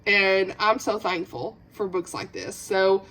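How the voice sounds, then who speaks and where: A woman's voice: mid-range voice, steady tone, slow pace, fairly bright tone. Woman, book vlog, emotional, teary, gushing, laughs a lot. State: teary, voice breaking. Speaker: book vlogger. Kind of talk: casual reading vlog chat.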